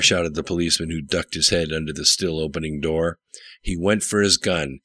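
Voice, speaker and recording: A man narrates an audiobook with a very deep, low voice that still sounds bright and forceful. His delivery is steady and matter-of-fact. The recording is dry and close. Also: normal speed, breathy edge, dry recording. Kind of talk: scripted narration.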